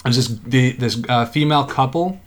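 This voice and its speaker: A man in casual conversation, talking haltingly with many pauses and fillers. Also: medium pitch. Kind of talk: casual podcast chat.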